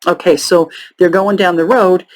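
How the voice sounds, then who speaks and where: A woman hosting a true crime show, telling the case in a casual, halting way with frequent sarcastic and profane asides. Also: lowish voice, steady tone, poor audio. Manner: halting, many ums and restarts. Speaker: true crime podcast host.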